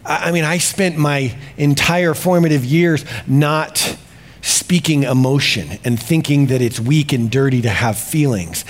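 A male pastor preaching a sermon in a confessional tone, swinging between hushed reflection and exclamation. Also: a little high.

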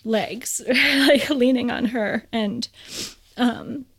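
A woman co-hosting a podcast, speaking earnestly and tearfully, pausing often as she shares a heartfelt story. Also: a little high, husky. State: crying. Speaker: podcast co-host.

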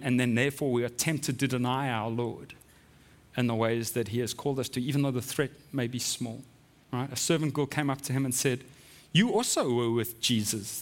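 A man preaching a sermon in a conversational way, often checking in with the listeners with quick asides. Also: medium pitch. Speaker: pastor.

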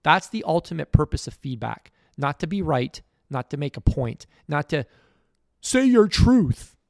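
Blunt middle-aged guy hosting a motivational podcast, raspy fry, dead dry room. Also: fairly high pitch, moderate pace, no echo. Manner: blunt, emphatic, preachy. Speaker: podcast host.

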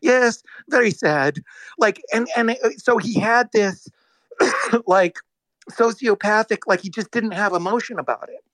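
A man in casual talk as a guest, telling a story in a rambling, animated way, full of restarts and acted-out quotes. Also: high-pitched, a little slow, dry recording, rough recording. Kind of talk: casual storytelling on a live audio chat.

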